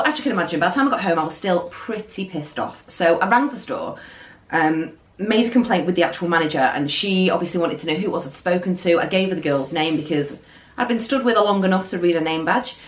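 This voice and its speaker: A woman telling an animated storytime vlog. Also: on the low side, fairly quick. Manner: animated storytelling, acting out quotes. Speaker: beauty vlogger. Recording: roomy echo.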